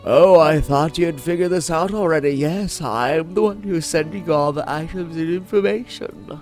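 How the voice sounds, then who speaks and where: A man's voice: a little high, moderate pace, a little mellow, soft background music, natural voice. A man reading out the lines of a secretive male agent who admires his old colleague, with small stumbles as he reads. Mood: friendly.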